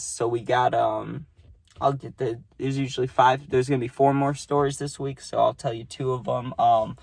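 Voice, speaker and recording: A man's voice: mid-range voice, gravelly, a little mellow, no echo. A young man telling a party story in a loose, rambling way, swearing a lot and tagging lines with "right?". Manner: profane, rambling, peppered with "right?". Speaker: storytime vlogger. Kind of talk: casual storytelling.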